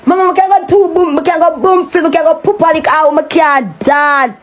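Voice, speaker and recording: Jamaican woman going off on a live, high voice, cussing and taunting. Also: fairly even intonation, brisk, slight background noise. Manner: heated, taunting, cursing. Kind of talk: angry live-stream rant.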